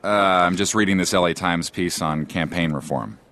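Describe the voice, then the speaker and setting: A mumbling cartoon monkey. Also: male voice, low voice, normal speed, a bit bright. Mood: casual. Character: mild-mannered male cartoon monkey.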